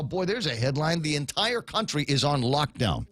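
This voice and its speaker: A man's voice: a little high, very animated, normal speed, a bit bright, no room sound. A man hosting a casual morning radio talk show, rambling and joking with lots of fillers and restarts.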